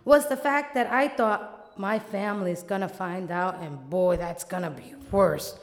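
A woman from the Bronx, telling an animated personal story and laughing often. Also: mid-range voice, measured pace. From the Bronx, New York. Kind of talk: storytelling monologue. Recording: echoey hall with long reverb.

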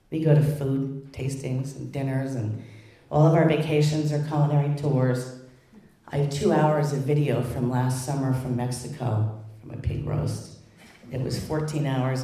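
A middle-aged woman performing a stand-up comedy routine, telling self-mocking stories with deadpan punchlines. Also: low voice, noisy background. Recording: echoey stage heard from a distance.

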